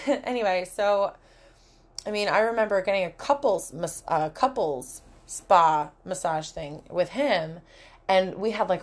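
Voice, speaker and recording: A young adult woman hosting a casual solo podcast, telling stories candidly with lots of swearing and frequent laughter. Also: fairly low pitch. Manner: candid, profane, laughs often. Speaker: podcast host. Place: cabin.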